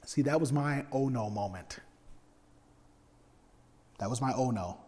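A man preaching a sermon through personal stories, animated and humorous, swinging from loud bursts to hushed asides. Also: medium pitch, a little slow. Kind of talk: storytelling sermon. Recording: long hall reverb.

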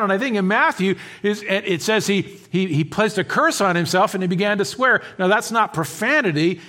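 Dramatic pastor with a fairly high voice. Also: male voice, expressive. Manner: dramatic, swinging between hushed and emphatic; halting restarts and repeated words. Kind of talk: expository sermon.

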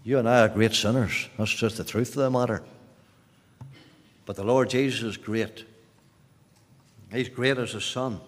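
A man preaching an evangelistic sermon at an evening meeting, emphatic, repeating his phrases and swinging from loud to hushed. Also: medium pitch, steady tone, measured pace, pauses often, long reverb tail. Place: meeting hall at an evening service.

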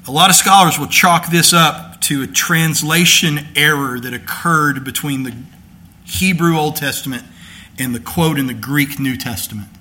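Bright-voiced male pastor preaching. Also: a little high, normal speed, slight background noise. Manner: conversational teaching, rising to emphatic declaration. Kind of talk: sermon.

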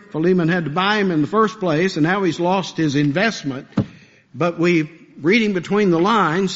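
A man's voice: high voice, lo-fi sound. A man preaching a sermon as pastor, earnest and building to impassioned pleas.

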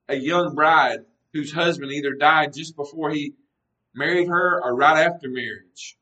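An earnest male pastor teaching through a sermon, talking conversationally and leaning hard on key words as he reads scripture. His voice is bright and forceful. It comes from some distance off the mic. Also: fairly high pitch, normal speed.

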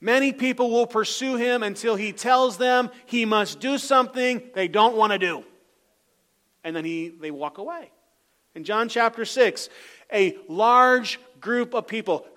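High-voiced preacher, loud then hushed. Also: male voice, measured pace. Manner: swings from loud emphatic calls to soft low asides. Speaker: pastor. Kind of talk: sermon.

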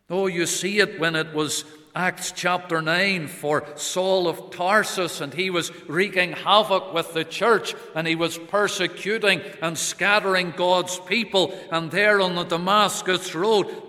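A male preacher giving a sermon, earnest, swelling on key words and then dropping to a hush. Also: high voice. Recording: long reverb of a large church.

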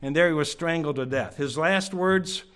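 Preaching to his congregation in a clean, fairly high voice at a normal pace, this man asks question after rhetorical question. Now and then his voice falls to a hush.

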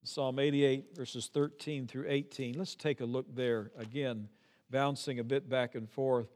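A middle-aged man preaching, earnest and heartfelt, his voice lifting into pleading cries as he quotes a prayer. His pitch sits in an ordinary middle range. The sound carries a long hall echo, as from a church sanctuary. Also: steady tone, unhurried, darkish tone. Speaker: pastor. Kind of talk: sermon.

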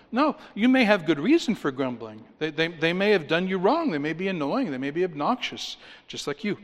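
A man's voice: fairly high pitch, very animated, brisk, few pauses. A man preaching a sermon, emphatic, reading scripture aloud and firing rhetorical questions at his listeners. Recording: long reverb of a large hall.

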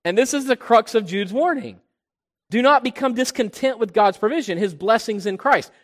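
Male pastor, high-pitched, preaching style that swells and hushes, recorded with long hall reverb. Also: normal speed. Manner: preaching, swells loud on key points, drops low on quiet ones. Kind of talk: sermon.

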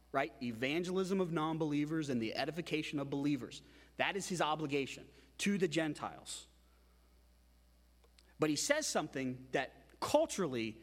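A man preaching a sermon as pastor, emphatic and animated, with frequent repetitions. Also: fairly high pitch, in a large hall.

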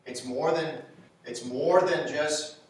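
Preaching slowly in a slightly high voice, a pastor addresses his congregation in a friendly, encouraging way and poses questions to them. The sound is echoey, recorded from a distance in the church sanctuary.

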